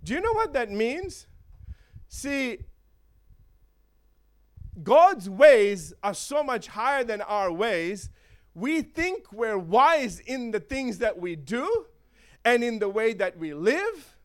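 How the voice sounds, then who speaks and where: A man preaching a sermon to a congregation, animated and laughing often, checking in with the listeners. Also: very high voice, takes it slowly, pauses often. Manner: animated, laughing, acts out voices of chickens and eagles; asks the congregation for responses.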